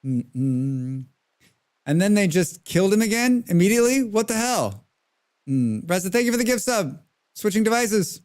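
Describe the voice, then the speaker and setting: A man with a slightly higher-than-usual voice streams a game live. He talks in a loose, chatty way, drifting into rants and thanking viewers between moves. The delivery is casual and unscripted. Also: big pitch swings, moderate pace, darkish tone. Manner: chatty, ranting, reads out chat names. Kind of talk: casual live-stream commentary while playing.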